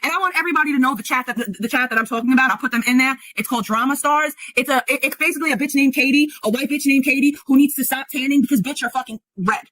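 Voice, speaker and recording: Bright-voiced woman ranting angrily. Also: sits high, racing, few pauses, rough recording. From Sicilian family. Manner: profane, shouting, combative. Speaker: livestreamer. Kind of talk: angry livestream rant.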